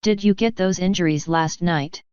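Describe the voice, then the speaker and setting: Brief: woman voicing a cold, cutting unicorn mare for a storybook, low-pitched, crisp and dry. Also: moderate pace, darkish tone, dry recording, dull audio, natural voice. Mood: furious. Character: furious proud adult unicorn mare, icy sister.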